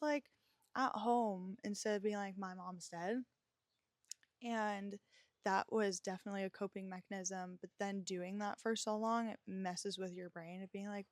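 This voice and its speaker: A woman's voice: medium pitch, fairly even intonation, moderate pace, no echo, studio quality. A woman in her twenties, hosting a podcast and telling a personal story in a candid, emotional, rambling way, with many fillers and restarts. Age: 20s. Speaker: podcast host.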